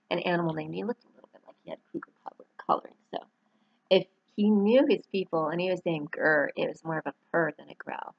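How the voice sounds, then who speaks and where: Husky gravelly woman, heartfelt vlog. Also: fairly low pitch, a bit bright, no room sound, lo-fi sound. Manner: rambling, heartfelt, choked up at times. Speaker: author and dog owner. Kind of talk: personal vlog, showing photos to camera.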